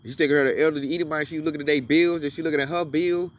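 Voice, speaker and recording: A man talks through scripture in a loose, conversational way, reading a verse and then riffing on it with animated emphasis. His voice sits a little high for a man. He sounds slightly distant from the microphone. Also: racing. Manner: animated, emphatic, reads verses aloud then riffs on them. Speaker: religious commentator. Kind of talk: casual scripture commentary.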